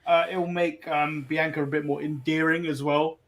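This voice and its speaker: A man's voice: fairly high pitch, level tone, normal speed, fairly bright tone. Teasing podcast co-host man. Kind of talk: casual chat.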